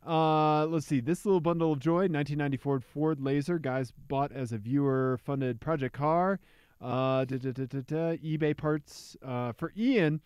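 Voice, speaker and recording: A young man from Missouri co-hosts a car podcast in a joking, teasing way. His voice sits a little high for a man. The sound is close and dry. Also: normal speed, darkish tone, smooth, no room sound. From Missouri, USA. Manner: joking, reads listener bits aloud. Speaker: podcast co-host. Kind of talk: casual podcast banter.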